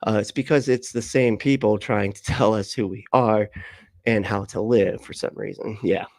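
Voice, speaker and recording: A man's voice: lowish voice, fairly even intonation, normal speed, creaky, dry recording. A man hosting a casual livestream, rambling with viewers, swearing freely and laughing often. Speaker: livestream host.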